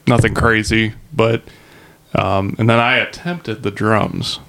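Gravelly-voiced man, laid-back podcast chat. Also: on the low side, steady tone, slow pace, fairly bright tone. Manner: laid-back, hesitant, with fillers and trailing phrases. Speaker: podcast co-host. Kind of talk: casual movie discussion chat.

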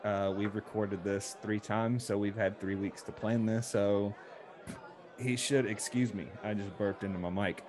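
A man's voice: fairly low pitch, steady tone, measured pace, darkish tone. Rambling male podcast host. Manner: joking, rambling with restarts. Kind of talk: casual podcast chat.

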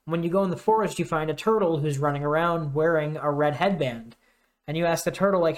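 A young man co-hosting a podcast, chatting casually and animatedly retelling scenes with quick put-on voices. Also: a little high. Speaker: podcast co-host. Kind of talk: casual chat.

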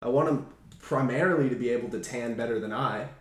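A young man in casual comedic podcast chat, energetic and joking, often acting out what he'd say. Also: medium pitch, quick pace, reverberant, a loud crowd. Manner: energetic, joking, mock-quoting himself. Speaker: podcast guest.

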